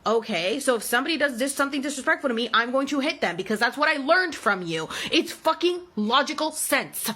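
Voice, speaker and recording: A woman's voice: sits high, animated, fairly quick, few pauses, pushed and bright, slightly rough. A woman in her thirties ranting angrily into her own vlog, emphatic and swearing heavily. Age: 30s. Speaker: vlogger. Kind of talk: heated personal story rant.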